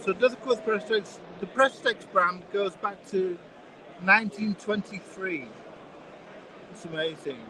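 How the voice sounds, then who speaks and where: A man's voice: high-pitched, unhurried, noisy background. A man hosting a live stream, chatting enthusiastically as he walks around a watch fair and asks exhibitors questions. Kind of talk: casual walk-around commentary. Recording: crowd chatter from a busy fair.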